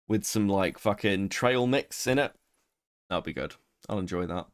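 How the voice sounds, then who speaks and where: A man's voice: low voice, lively intonation, normal speed, clear, resonant tone, no room sound, clean studio sound. A young man chatting casually on a livestream, joking and swearing as he reads chat. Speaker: streamer co-host.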